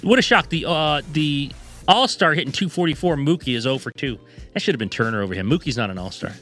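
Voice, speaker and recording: Lively, bright-voiced man ranting about sports. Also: on the high side, faint music behind. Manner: animated storyteller, quick to rant. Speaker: sports radio co-host. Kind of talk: casual sports chat.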